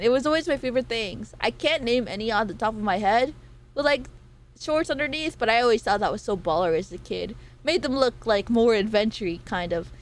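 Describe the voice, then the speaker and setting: A woman streaming a game and chatting casually with her viewers, rambling and losing her train of thought. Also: on the high side.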